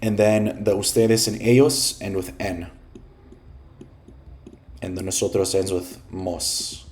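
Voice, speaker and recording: A man teaching beginner Spanish in English, patiently explaining words and grammar with the odd filler and throat clearing. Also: deep voice, steady tone, takes it slowly, a little mellow. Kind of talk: explaining a listening exercise.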